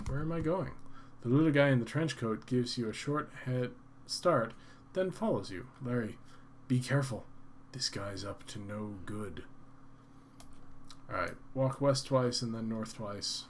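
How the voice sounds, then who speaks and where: A man's voice: mid-range voice, measured pace, a little hiss or hum. A man hosting a gaming channel, reading the game's text aloud with playful, amused asides.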